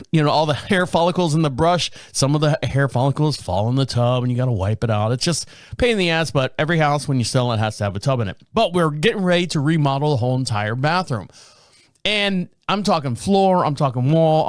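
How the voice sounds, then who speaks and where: Middle-aged male podcast host, slightly high voice, dry close mic, rambling and self-deprecating storyteller. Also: no echo. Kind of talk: casual storytelling monologue.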